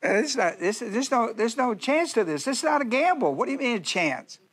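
High-voiced joking preacher man. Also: big pitch swings, a bit bright, slightly rough. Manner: folksy, joking preaching with quick asides. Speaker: pastor. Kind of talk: sermon.

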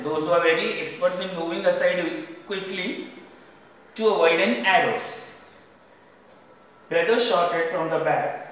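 A man's voice: a little high, fairly bright tone, slight background noise. A man with an Indian English accent, teaching a class by reading a story aloud, stopping to tell students which words to underline and what they mean. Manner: repeats "underline the word" between sentences. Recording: echoey room, voice far from mic.

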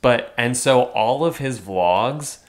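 A young man in casual podcast chat, mid-pitched and easygoing. He rambles a little, circling back with fillers and restarts as he thinks aloud. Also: expressive, takes it slowly. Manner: chatty, hesitant with many fillers and restarts. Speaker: podcast co-host.

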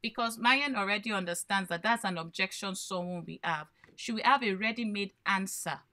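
Woman, branding coach, live workshop, bright clear voice, asks questions then answers them. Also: medium pitch, moderate pace.

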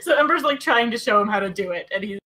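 A woman's voice: fairly high pitch, expressive, fast talker, bright, forceful tone. A woman playing a tabletop game, describing her character's actions in a casual way full of fillers. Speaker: player.

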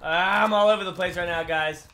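A young man with a very high, bright voice, narrating his game in an excitable, trash-talking way. He laughs a lot between shots. Faint game noise sits behind him. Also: a little fast, creaky. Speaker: gaming YouTuber. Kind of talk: live gameplay commentary.

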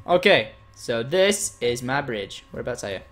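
A man chatting casually as he plays a game, explaining and getting excited as he goes. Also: mid-range voice, moderate pace, faint music behind. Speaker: gaming host. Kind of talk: casual chat while gaming.

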